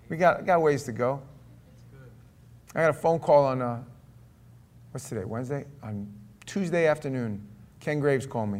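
Middle-aged guy preaching, telling a story and acting out the voices, medium pitch. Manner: storytelling, animated, acts out dialogue. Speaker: pastor. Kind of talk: sermon.

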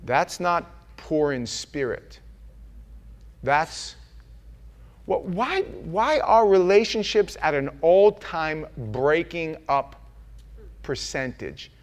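A preacher delivers a sermon in church, taking his time over each phrase. His voice sits a little high for a man, and he keeps it earnest and conversational. Now and then he acts out the voices of the people he quotes. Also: sing-song, slow pace, pauses often.

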